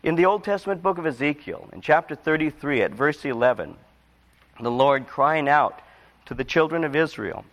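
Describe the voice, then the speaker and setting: A male preacher with a slightly high voice delivers a sermon in a big echoing hall. He moves from an easy storytelling tone to earnest, pleading cries, then drops to a hush. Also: lively intonation, normal speed. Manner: storytelling, rising to emotional pleas then dropping quiet. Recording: long hall reverb.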